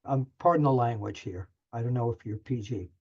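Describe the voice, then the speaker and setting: A man's voice: medium pitch, a little fast, breathy edge. An older man, a journalist guest, telling an anecdote in a chatty, self-deprecating way with plenty of restarts. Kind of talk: animated storytelling anecdote. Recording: muffled lo-fi audio.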